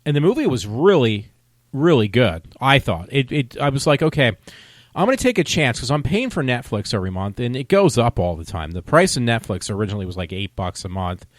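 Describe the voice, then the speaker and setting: A man's voice: medium pitch, sing-song, brisk, dry recording, studio quality. A man vlogging a casual movie review, talking in a rambling, loose, conversational way.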